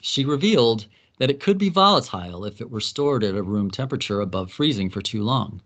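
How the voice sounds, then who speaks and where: A man giving a wry, comic recap of a story, with quick asides in the characters' voices. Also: fairly low pitch, animated.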